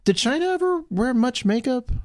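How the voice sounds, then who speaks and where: A man's voice: very high-pitched, animated, normal speed. A man on a wrestling podcast, tossing short quips and questions into casual chat. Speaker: podcast co-host.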